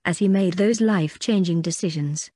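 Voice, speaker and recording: A woman narrating an audiobook in a steady, even manner. Her voice sits slightly low and sounds dry and close, with no room sound around it. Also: moderate pace, no room sound. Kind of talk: scripted narration.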